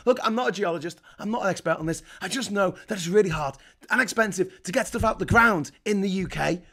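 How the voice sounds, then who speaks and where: A man's voice: high voice, fairly bright tone. A British man hosting a livestream, reading out chat and ranting about politics, heated, sarcastic and constantly swearing. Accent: British English. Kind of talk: casual political rant.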